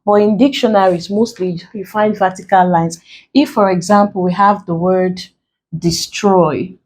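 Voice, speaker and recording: A woman with a Nigerian accent teaching an exam prep English lesson, explaining slowly and repeating key terms. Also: mid-range voice, fairly even intonation, darkish tone. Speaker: English tutor.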